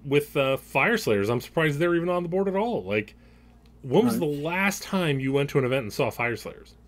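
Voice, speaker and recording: A man's voice: on the high side, big pitch swings, moderate pace. A man hosting a podcast in casual chat, rambling through his points and laughing often. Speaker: podcast host.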